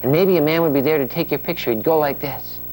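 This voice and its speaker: A man working as a children's portrait photographer, coaxing a little girl with playful, hushed talk and sing-song humming. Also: a little high, quick pace, a little hiss or hum, low-quality recording.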